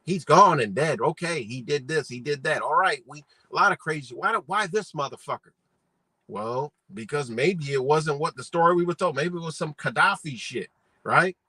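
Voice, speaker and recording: Husky, sharp-toned man ranting on a live stream. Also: fairly high pitch, lively intonation, normal speed, no room sound, low-quality recording. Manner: profane, rambling, slangy, heated; asks the viewer rhetorical questions. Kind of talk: casual live-stream rant.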